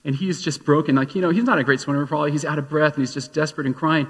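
A male pastor delivering a sermon, moving from storytelling into emphatic appeals. His voice sits a little high and has a husky edge. It rings out with a long reverb, as if he is in a large hall. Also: fairly even intonation, racing, few pauses. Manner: storytelling, rising to emphatic exhortation.

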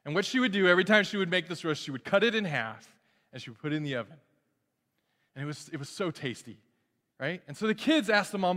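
Joking pastor preaching in a reverberant church. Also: male voice, on the high side, fairly quick. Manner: lively, joking, often restarts mid-phrase. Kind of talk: sermon. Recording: long hall reverb.

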